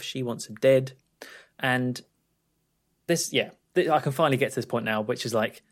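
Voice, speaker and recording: A man co-hosting a film podcast in relaxed chat, thinking aloud with small hesitations. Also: mid-range voice. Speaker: podcast co-host. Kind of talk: casual film-review chat.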